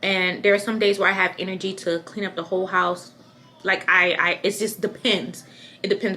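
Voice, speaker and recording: A woman's voice: medium pitch, fairly even intonation, moderate pace, pushed and bright. A pregnant young woman talking candidly to camera in a casual vlog, chatty and rambling, often repeating herself. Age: young adult. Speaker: vlogger.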